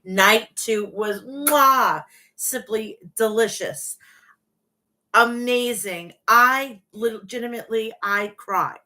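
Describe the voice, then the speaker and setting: Slow, bright-voiced tearful woman in her forties. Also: a little high. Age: 40s. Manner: emotional, profane, gushing. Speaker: wrestling show reviewer. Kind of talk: casual review vlog.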